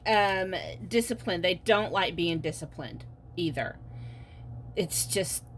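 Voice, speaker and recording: A woman doing a casual pick-a-card tarot reading, often laughing and pausing with fillers. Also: lowish voice, slight background noise. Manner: giggly, halting with many fillers. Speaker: tarot reader.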